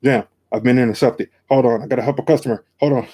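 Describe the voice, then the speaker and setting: A man voicing a fifty-two-year-old ex-army store manager, talking in a clipped, hurried way. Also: mid-range voice, steady tone, dark tone, slightly rough, natural voice. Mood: urgent.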